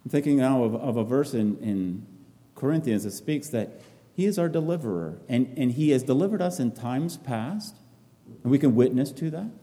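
A man preaching a sermon, reading scripture aloud and expounding it in earnest, repetitive, halting phrases. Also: medium pitch, lively intonation, dark tone, long reverb tail.

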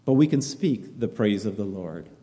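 A man preaching a sermon, reading scripture aloud and expounding it in earnest, repetitive, halting phrases. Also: fairly low pitch, animated, warm tone, long reverb tail.

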